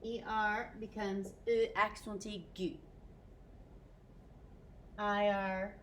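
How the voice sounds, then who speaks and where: An upbeat woman teacher walks students through a French grammar lesson, sprinkling French words into her English. Her voice sits at an ordinary middle pitch. A faint hiss of background noise runs under the recording. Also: little pitch movement, drawn-out words, a bit bright.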